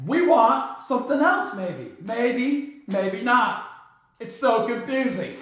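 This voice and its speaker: A man with a very high voice hosts a football news podcast, sarcastic and jokey as he rants. His voice rings in a very echoey room. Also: big pitch swings, slow pace, fairly bright tone. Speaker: podcast host. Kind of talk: casual football news rant.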